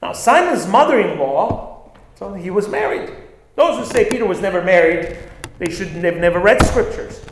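A male pastor preaching an animated sermon, stressing lines and acting out quoted words. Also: sits high, normal speed, a little hiss or hum. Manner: animated, acts out quotes with bursts of emphasis. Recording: very echoey room.

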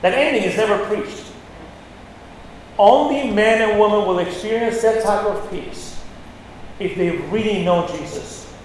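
A man preaching a sermon, blunt and forceful, with sudden loud peaks. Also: high voice, a little slow, pauses often. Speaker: pastor. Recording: echoey hall with long reverb, faint noise.

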